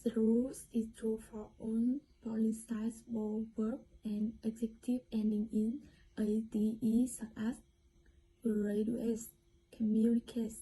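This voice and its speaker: Slow, dark-voiced young woman with a Vietnamese accent. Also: a little high, little pitch movement, slightly rough, poor audio. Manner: careful, halting reading with restarts. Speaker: student presenter. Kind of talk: reading a class presentation.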